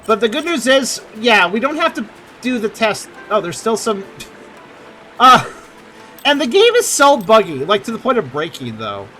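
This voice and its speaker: A man gives loose, chatty let's-play commentary with a high, lively voice that jumps around a lot. His tone is bright and forward, and he swears and jokes easily. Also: normal speed, faint music behind. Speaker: gamer.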